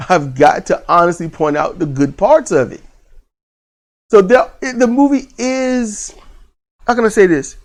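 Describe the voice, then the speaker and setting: Rambling man reviewing a movie. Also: on the high side. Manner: rambling, frequent restarts and fillers, casual swearing. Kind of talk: casual spoken movie review.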